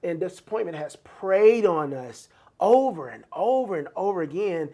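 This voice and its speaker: A co-host in a casual motivational chat who speaks conversationally and reflectively, often pausing on fillers. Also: medium pitch, expressive, warm tone. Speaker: podcast co-host.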